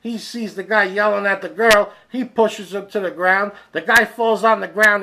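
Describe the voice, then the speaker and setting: A man's voice: high-pitched, fairly even intonation, normal speed, hardly any pauses, rough recording. A man hosting a comedy podcast, ranting in disbelief about news stories, swearing freely and acting out the people he describes. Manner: incredulous, ranting, profane; acts out the people in his stories, rising to shouts. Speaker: podcast host. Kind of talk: comedic rant.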